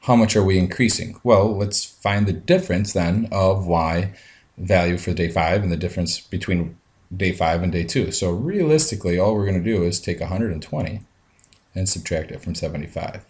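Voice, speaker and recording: A man with a deep, low voice teaches a math lesson over a screencast. He talks each step through out loud in a plain classroom manner, dropping frequent ums along the way. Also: normal speed.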